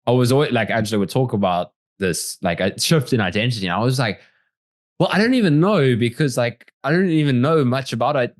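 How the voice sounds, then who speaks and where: A man's voice: medium pitch, expressive, a little fast, dry recording, clean studio sound. A man as the guest in a casual interview, talking reflectively and animatedly with many fillers.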